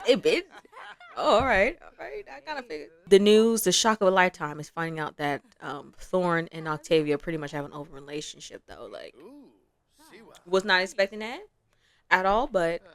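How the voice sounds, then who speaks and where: A woman's voice: on the low side, lively intonation, moderate pace. A young woman giving casual commentary over a life-simulation game, chatty and laughing often as she voices the characters' lines. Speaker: gameplay commentator.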